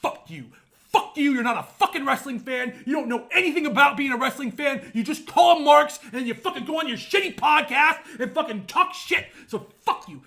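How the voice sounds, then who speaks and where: A man co-hosting a podcast, ranting angrily with constant profanity and bursts of shouting. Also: very high voice, animated, fairly quick. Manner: angry, profane, shouting rants. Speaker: podcast co-host.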